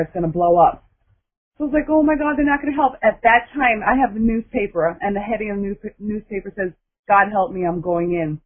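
A woman caller telling a dramatic personal story, emphatic and breathless in the telling. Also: on the high side. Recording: tinny phone line.

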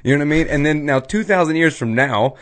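Man, podcast host, joking, animated, swears a lot, casual chat. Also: a little high, fast, dry recording. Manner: animated, joking, swearing, jumps into mock voices.

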